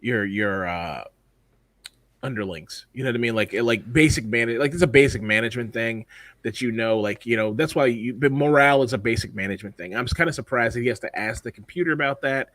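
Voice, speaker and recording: A man co-hosting a podcast talks in loose, rambling casual chat, blunt and heavy on profanity. His voice sits in a middling pitch. The sound is dry and close, with no room around it. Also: brisk, fairly bright tone, dry recording. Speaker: podcast co-host.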